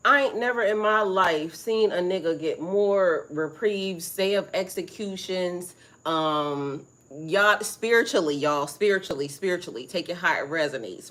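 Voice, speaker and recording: A middle-aged woman hosts a casual spiritual live stream. Her voice sits fairly low for a woman. She rambles, swears freely and gets more and more excited as she talks. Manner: rambling, excitable, profane, greets viewers by name.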